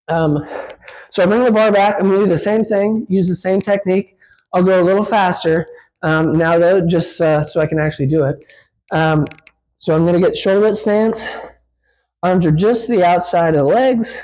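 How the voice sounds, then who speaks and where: A man with a fairly high voice talks through a barbell lift as he does it. He is a physical therapist giving a casual instructional demo in a gym, slightly breathless from the effort, with plenty of "um"s along the way. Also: moderate pace, a little mellow, rough recording. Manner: casual, explains while lifting, many fillers. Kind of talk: instructional demonstration.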